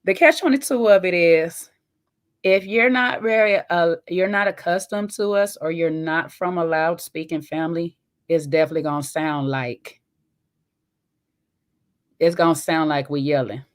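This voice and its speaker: A woman hosting a casual reaction video, chatty and folksy, with loud, laughing asides. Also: on the low side, moderate pace. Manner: chatty and folksy, calls viewers "child" and "baby".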